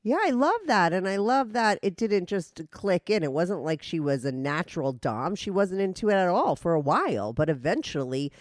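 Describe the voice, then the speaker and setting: A woman hosting a podcast interview, enthusiastic and quick to laugh. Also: lowish voice, sing-song, no echo, clean studio sound. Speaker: host.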